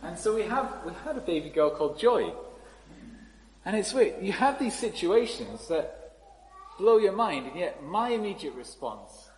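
A man's voice: high voice, sing-song, normal speed, slight background noise. Man preaching a conversational sermon, reverberant church. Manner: conversational storytelling. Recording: reverberant hall, faint ambience.

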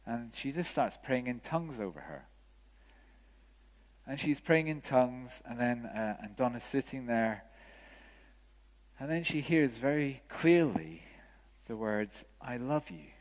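A vicar telling a story in a sermon, quoting the people in it with animated voices. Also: male voice, medium pitch, measured pace, long pauses. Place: church. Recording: church hall with long reverb.

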